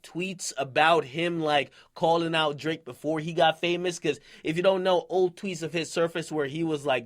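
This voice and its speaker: A man's voice: fairly high pitch, a bit bright. A young man giving hip-hop news commentary, recapping and reading from an interview in a brash, profane, slangy way.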